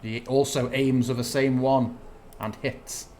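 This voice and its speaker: A man's voice: mid-range voice, flat delivery, a little slow, darkish tone, slight background noise. A man narrating a tabletop game as game master, thinking aloud as he checks rules.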